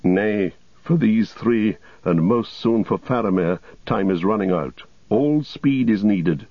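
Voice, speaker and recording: A man voicing a grave, weary king returned from exile, speaking in a solemn, measured way in a storybook reading. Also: lowish voice, no room sound. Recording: dull lo-fi recording.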